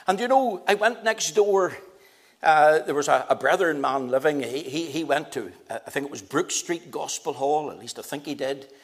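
A middle-aged man, a preacher, telling his conversion story in a sermon, acting out the dialogue and slowing down for emphasis. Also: fairly high pitch. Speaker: preacher giving testimony. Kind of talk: sermon testimony.

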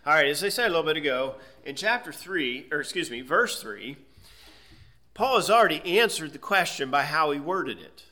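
A man's voice: fairly high pitch, sing-song, moderate pace, pushed and bright. A man preaching an expository sermon, teaching emphatically and asking rhetorical questions. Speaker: pastor.

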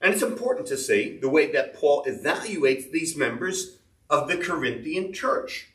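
A man's voice: fairly high pitch, animated, moderate pace, a bit bright. A man preaching a sermon as a pastor, earnestly explaining scripture and reading verses aloud. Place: church. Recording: echoey church room, mic at a distance.

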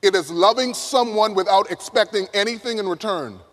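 High-voiced man preaching in a reverberant hall. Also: fairly quick. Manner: emphatic, swings from loud to hushed. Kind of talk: sermon.

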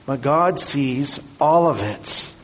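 A man preaching a sermon in an earnest, measured and emphatic way. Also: medium pitch, lively intonation.

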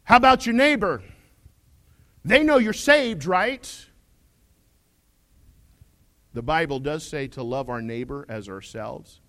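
A man preaches a homespun sermon in a fairly high voice whose pitch climbs and dips dramatically, with lively intonation. He speaks slowly with long pauses, swinging from booming declarations to hushed asides while repeatedly firing questions at his congregation.

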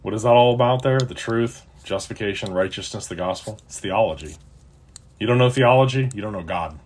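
A man preaching an earnest sermon to his listeners, emphatic, swinging between loud and quiet. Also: on the low side, fairly quick. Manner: earnest, emphatic, rises and drops in loudness. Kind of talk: sermon-style teaching.

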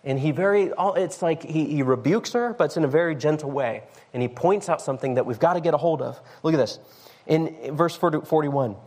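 A man's voice: on the high side, a little fast, darkish tone. A male pastor giving a conversational sermon, reading scripture and questioning the congregation.

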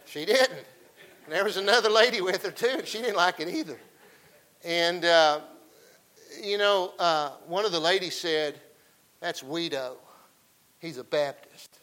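A man delivers a folksy sermon and keeps calling out to his congregation. His voice is bright and sits a little high for a man. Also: normal speed, poor audio. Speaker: pastor.

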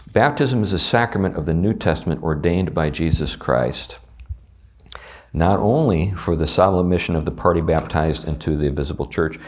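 A man's voice: rumbling low, a little mellow. A man with a Southern US accent teaching a church class on a confession of faith in a conversational way, asking his students questions. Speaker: Bible study teacher.

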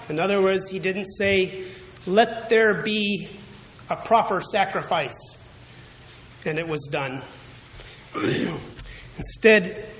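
High-voiced man preaching a sermon. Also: a bit bright, low-quality recording. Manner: measured and deliberate, often clears throat. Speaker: pastor.

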